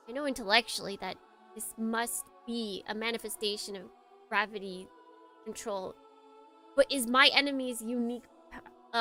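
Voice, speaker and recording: Bright-voiced woman streamer, giggly. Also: fairly high pitch. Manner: giggly, reads narration in a hushed dramatic tone. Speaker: streamer reading a visual novel aloud. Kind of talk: let's play commentary and dramatic reading.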